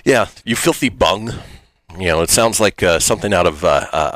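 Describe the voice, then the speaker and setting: A man's voice: sits low, fast talker, a bit bright, no echo. A man hosting a radio show in casual chat, laughing often and using many fillers.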